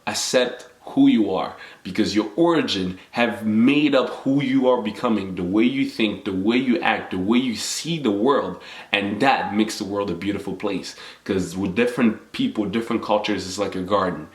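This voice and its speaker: A young man from the DR Congo whose native language is French gives a sincere, motivational talk to camera as a vlogger, laying out numbered points in a personal, reflective way. His fairly low voice moves at a normal speed, and the recording is reverberant.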